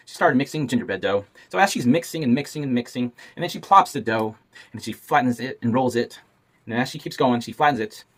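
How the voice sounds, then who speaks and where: A man's voice: medium pitch, fairly bright tone, husky. A man telling a playful, folksy story aloud and voicing its characters. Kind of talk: animated storytelling.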